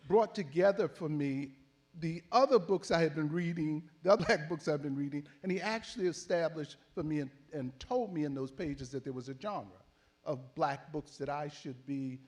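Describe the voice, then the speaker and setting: An older man from Philadelphia, an elder activist telling his story slowly and reflectively in an oral history conversation, with many pauses and fillers. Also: fairly high pitch, a little mellow. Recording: handheld mic in a panel setting.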